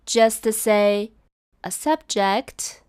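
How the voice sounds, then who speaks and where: A woman gives a scripted language lesson at a very slow, deliberate pace, repeating each model phrase. Her voice is smooth and clear, recorded close and dry with no room sound. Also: medium pitch, steady tone, a little mellow, no room sound. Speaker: language teacher.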